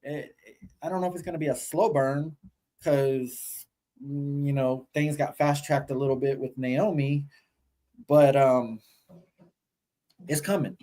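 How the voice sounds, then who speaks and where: A man's voice: on the high side, fairly even intonation, measured pace, long pauses, mellow, poor audio. A man co-hosting a podcast, telling stories animatedly and swearing casually. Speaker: podcast co-host. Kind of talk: casual chat.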